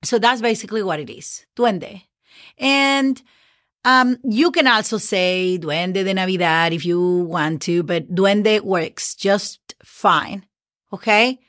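A woman's voice: mid-range voice, slow pace, a bit bright, dry recording, clean studio sound. Mexican woman teaching Spanish words. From northern Mexico. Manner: spells words letter by letter, frequent okays and fillers. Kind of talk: casual podcast lesson.

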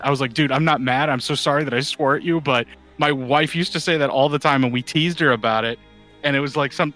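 A man hosting a podcast, chatting casually and telling an animated story, swearing freely. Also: mid-range voice, fast, faint music behind. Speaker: podcast host. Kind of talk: casual chat.

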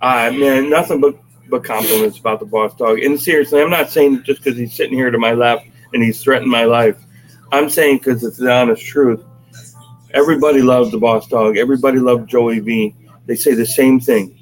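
A man's voice: mid-range voice, fairly even intonation, moderate pace, soft background music, poor audio. A man co-hosting a casual podcast chat, telling stories with emphatic, persuasive asides. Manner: emphatic storyteller. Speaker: podcast co-host.

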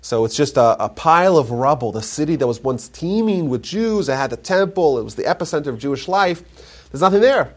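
Animated male lecturer telling history stories. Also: on the high side, a little fast. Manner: animated retelling, swells louder for emphasis, frequent restarts. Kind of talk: live storytelling lecture. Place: lecture room at a community centre.

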